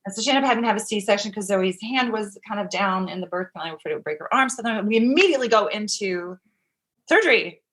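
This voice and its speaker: A woman from Kansas, a guest on a talk show, telling a personal story in a lively, chatty way and acting out what others said. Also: mid-range voice, fast, husky. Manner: animated, acts out quotes. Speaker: actress guest. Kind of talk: casual storytelling.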